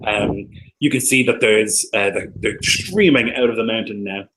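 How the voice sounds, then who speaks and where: Man dm, lowish voice, chatty and loose, bit of hiss. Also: normal speed. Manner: casual, lots of fillers and sound effects. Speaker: dungeon master. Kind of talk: narrating a tabletop game.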